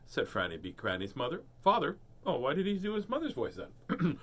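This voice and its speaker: A man's voice: medium pitch, very animated, brisk, a bit bright. Playful man reading a picture book. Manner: playful, joking asides, voices characters. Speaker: storybook reader.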